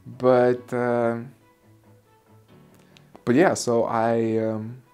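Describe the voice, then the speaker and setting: A man's voice: mid-range voice, monotone, drawn-out words, mellow, clean tone, soft background music. A man, an Aikido instructor, casually telling a personal story; candid, swearing at times and restarting his sentences.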